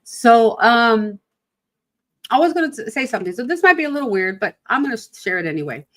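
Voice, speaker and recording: A woman's voice: a little high, sing-song, fairly quick, a bit bright. Emphatic, rambling woman podcast host. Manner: rambling, emphatic, rhetorical questions. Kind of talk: casual monologue on grief.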